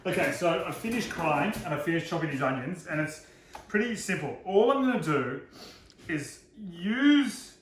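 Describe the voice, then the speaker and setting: A man's voice: medium pitch, fairly bright tone, reverberant. A man giving a casual cooking demonstration, chatty and self-deprecating, joking about his own slips.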